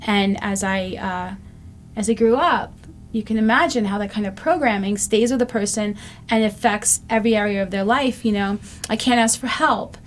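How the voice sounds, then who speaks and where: A woman's voice: mid-range voice, normal speed, a little hiss or hum. Earnest woman in her fifties. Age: 50s. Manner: reflective, earnest, with frequent ums. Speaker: recovery show host. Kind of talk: casual talk-show monologue.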